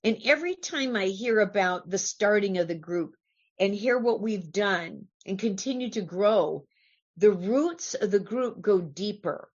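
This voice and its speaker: A woman's voice: mid-range voice, expressive, a little slow, husky, muffled recording. A woman from California giving an earnest, conversational talk to a recovery meeting, asking her listeners questions as she goes.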